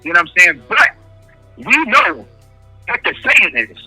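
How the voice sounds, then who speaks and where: A man with a notably high, very bright and piercing voice, heard close and dry over a phone line. He talks in casual street speech, circling back to repeat his key phrases with insistent emphasis. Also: big pitch swings, moderate pace, husky, dry recording, soft background music. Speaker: incarcerated interviewee. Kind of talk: impassioned interview answers.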